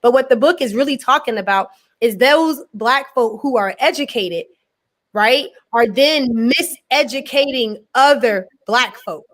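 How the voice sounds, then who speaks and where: A woman's voice: a little high, measured pace, a bit bright. Emphatic American woman scholar. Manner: emphatic, repeats "right?" and "I know that". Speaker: guest scholar. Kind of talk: conversational interview.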